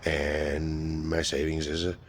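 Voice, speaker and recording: Deep-voiced man telling a rambling story. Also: monotone, slow, big-room sound. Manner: rambling, repetitive, with heavy fillers and frequent swearing. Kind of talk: personal storytelling.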